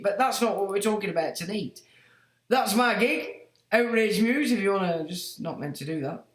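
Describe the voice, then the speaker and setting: Exclaiming man, lively pitch. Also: roomy sound. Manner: exclaiming, mocking, swearing. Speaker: livestream host. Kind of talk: casual livestream commentary.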